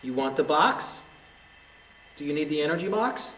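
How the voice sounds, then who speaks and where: Bright-voiced man softly coaxing spirits. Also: on the high side, animated, moderate pace, echoey room, low-quality recording. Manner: soft, tender, pleading, calls the spirit honey and sweetheart. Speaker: paranormal investigator speaking to spirits. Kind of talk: coaxing talk to unseen spirits. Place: derelict hospital building at night.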